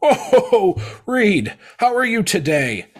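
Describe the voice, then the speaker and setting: A man voicing a kindly old Santa Claus, cheery and gently lecturing, in a quick sketch inside a podcast retelling. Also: high voice, big pitch swings, pitched above the performer's own voice, exaggerated voice. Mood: jolly.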